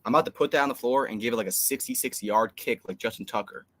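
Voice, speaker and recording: Rambling, exasperated young man, bright voice. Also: mid-range voice, fast. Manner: rambling, exasperated storytelling with fillers. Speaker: co-host of a fan live stream. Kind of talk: casual live stream chat.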